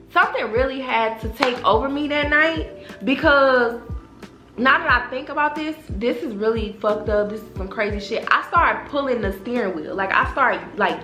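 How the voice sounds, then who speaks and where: Young woman, high bright voice, animated storytime, roomy echo, faint music behind. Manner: animated, profane, addresses viewers as y'all. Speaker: vlogger. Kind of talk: casual storytime.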